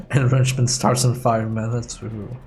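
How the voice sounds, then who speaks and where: A man's voice: medium pitch, flat delivery, measured pace, a little mellow, faint music behind. A man streaming a video game, chatting casually and rambling with jokes as he plays. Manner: joking, rambling. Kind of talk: casual let's play chat.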